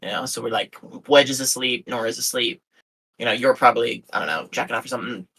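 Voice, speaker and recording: A man hosting a podcast, telling a story in casual chat, animated and self-mocking, swearing freely. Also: medium pitch, fast talker, husky, poor audio. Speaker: podcast host.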